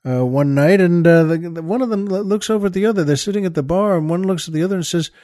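A man's voice: sits high, quick pace, mellow, dry recording, clean studio sound. A man hosting a podcast in a casual monologue, rambling with many fillers and restarts. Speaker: podcast host.

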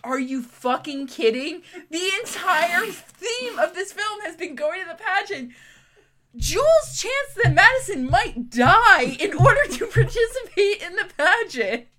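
A woman's voice: very high voice, very animated, measured pace, sharp tone. A young woman co-hosting a podcast, ranting about a movie in exasperated, laughing bursts. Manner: exasperated, laughing, swearing rants. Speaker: podcast co-host. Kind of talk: casual movie-recap chat.

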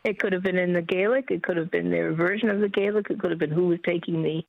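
A woman's voice: fairly low pitch, steady tone, quick pace, gravelly, no echo. A middle-aged American woman calling in to a radio show, chatty and often restarting her sentences. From United States. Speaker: caller. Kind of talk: casual call-in chat. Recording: muffled phone-in line.

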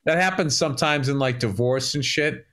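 A man co-hosting a casual chat show, ranting about sports in an animated, profane way. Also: mid-range voice, moderate pace. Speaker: podcast co-host.

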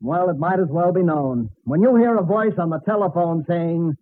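A man's voice: fairly high pitch, moderate pace, breathy edge. An actor playing Mister Cushing, a henpecked lodge president who wisecracks about his wife, in a 1940s radio sitcom. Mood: rueful. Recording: tinny old radio broadcast with hiss.

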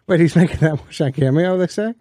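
A man's voice: fairly high pitch, fast talker, warm tone, dry recording, studio quality. Easygoing man co-hosting a casual chat. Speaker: podcast co-host.

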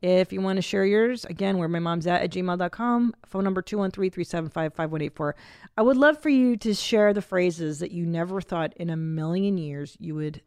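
A woman's voice: fairly low pitch, clean tone, no echo, studio quality. Foul-mouthed woman in her forties chatting. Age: 40s. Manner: swearing, animated, quick tangents. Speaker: podcast host. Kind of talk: casual comedic chat.

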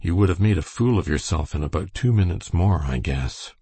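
A man's voice: low voice, animated, a little fast, warm tone, breathy edge, no echo, heavily acted. A man voicing a folksy, sly horse trader with a rustic drawl in a storybook reading.

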